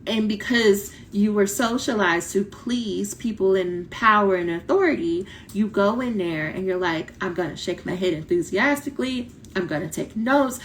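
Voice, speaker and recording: A woman coaching doctoral students in a casual live talk, blunt and lively, acting out quoted voices, her voice starting to tire. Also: mid-range voice, normal speed, hardly any pauses, a little hiss or hum. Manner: animated, blunt, talks directly to viewers, acts out quoted voices. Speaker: dissertation coach.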